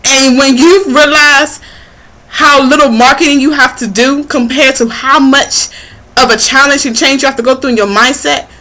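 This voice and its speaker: A woman life coach giving a passionate motivational talk, excitable and laughing as she speaks. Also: high-pitched, poor audio. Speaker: spiritual life coach and marketing mentor.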